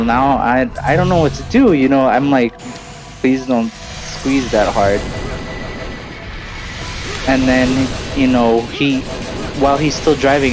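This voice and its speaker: A man in his late twenties or thirties, hosting a game stream, tells a long story loosely and ramblingly, full of fillers. His voice is medium-pitched, the audio is poor, and game music plays in the background.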